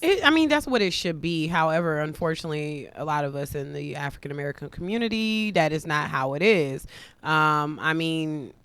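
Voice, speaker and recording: A woman co-hosting a podcast in casual chat, blunt and animated, slipping into mocking voices. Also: sits low, a little fast, clear, resonant tone, dry recording. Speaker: podcast co-host.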